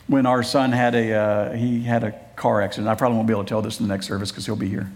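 A man's voice: fairly low pitch, little pitch movement, rapid-fire, slight background noise. A middle-aged man preaching a sermon in a church, conversational, with joking asides and earnest appeals to fathers. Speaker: pastor.

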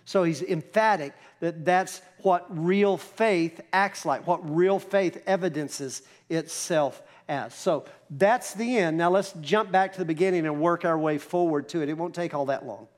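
A man's voice: on the high side, measured pace, hardly any pauses. A man preaching a sermon as pastor, explaining scripture in a conversational, emphatic way. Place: church.

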